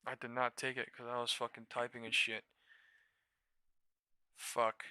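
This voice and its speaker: A man's voice: mid-range voice, monotone, a little slow, bright, forceful tone, clean tone, dry recording. A man giving live market commentary as a trading streamer, talking in exasperated, profane mutters that break into sudden outbursts.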